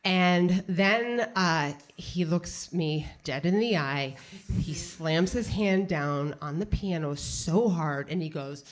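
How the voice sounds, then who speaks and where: A woman telling a funny personal story live on stage, animated and self-mocking, full of "like.". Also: lowish voice, slow pace. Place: small theater stage with audience.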